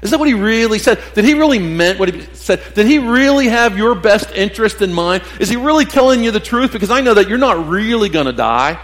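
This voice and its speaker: A man's voice: high voice, animated, brisk, hardly any pauses, fairly bright tone, long reverb tail, voice pushed up. A man voicing a sly coaxing serpent devil. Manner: insinuating, coaxing questions. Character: sly male serpent devil tempting with doubts.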